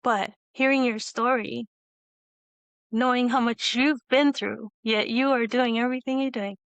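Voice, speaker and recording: In a dry recording, a woman hosting a video-call interview tells a long personal tale, her slightly high voice fairly even in intonation and a little slow. She rambles, tears up, and laughs often as she tells this emotional story conversationally.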